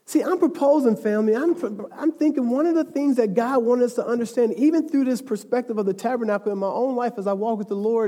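A man's voice: extremely high pitch, fast, hardly any pauses, warm tone. A man preaching a sermon, talking casually with the congregation and building to emphatic, passionate peaks. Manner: conversational, rising to emphatic passion. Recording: long hall reverb.

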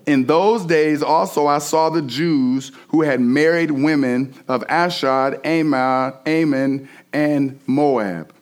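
A man's voice: on the high side, slow, hardly any pauses. A man preaching a sermon as pastor, reading scripture and then speaking animatedly, restarting phrases and acting out quotes.

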